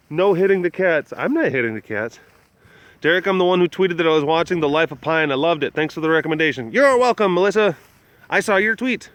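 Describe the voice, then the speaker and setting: A young man from southwest Wisconsin hosting a casual livestream outdoors at an animal compound, joking and reading viewer comments with loud hype and low mumbles. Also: no room sound. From southwest Wisconsin, USA. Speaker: livestream host at a big cat facility.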